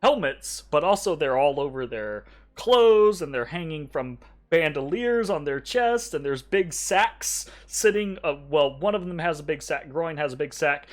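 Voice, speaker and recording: A man's voice: on the high side, expressive, a little slow, few pauses. Guy running a tabletop game, rambly, lots of um and like. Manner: rambling, many fillers and restarts. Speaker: game master.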